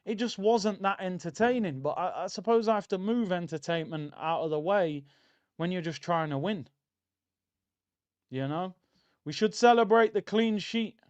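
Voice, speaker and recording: Over dull audio, a man with a high, clear, resonant voice speaks at a moderate pace. It's a live football watchalong stream where he chats about the match, reads viewer comments and has excitable outbursts.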